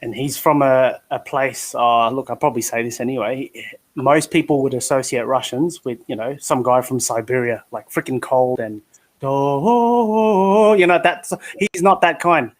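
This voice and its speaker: An Australian man chatting casually in an online community hangout. He tells rambling, self-deprecating stories and often stumbles and restarts his sentences. His voice sits at an ordinary mid pitch. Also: moderate pace. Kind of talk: casual chat.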